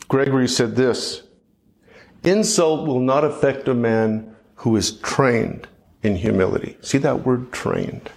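A middle-aged man preaching a sermon in a measured, reflective way, often restarting his phrases. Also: mid-range voice. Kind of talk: sermon teaching.

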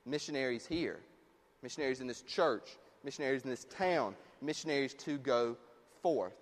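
A man preaching a sermon in a conversational way, dropping low and quiet on his key points. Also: normal speed, long reverb tail. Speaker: pastor.

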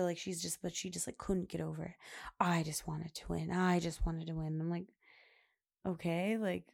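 A woman's voice: fairly low pitch, gravelly, dark tone. A young woman hosting a podcast, talking in a rambling, chatty way full of "like" and "you know". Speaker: podcast host. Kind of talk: casual chat.

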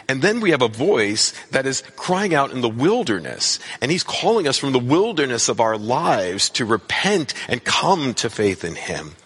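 A man's voice: mid-range voice, a bit bright, breathy edge. A man preaching a sermon as a pastor, earnest and repeating phrases for emphasis.

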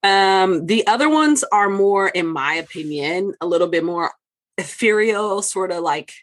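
A podcast host walking listeners through a list of ideas at a brisk clip. The voice sits at a middle pitch and keeps a clear, explaining tone throughout. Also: animated, a bit bright.

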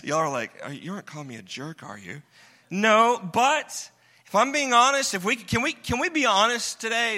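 A man's voice: sits high, sharp tone. A man preaching a humorous sermon, telling stories and mimicking voices. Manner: storytelling, mimics voices, chuckles often. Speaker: pastor. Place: church sanctuary. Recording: long hall reverb.

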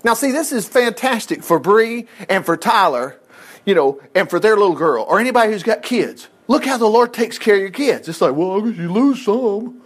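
A middle-aged man preaching a sermon as pastor, telling stories in a folksy, animated way with chuckled asides. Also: sits high, a little fast.

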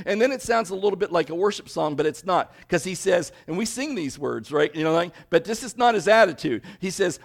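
A male pastor delivers a sermon with a slightly higher-than-average voice. He is animated and conversational, often turning to the congregation with questions. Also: fairly quick, creaky, few pauses.

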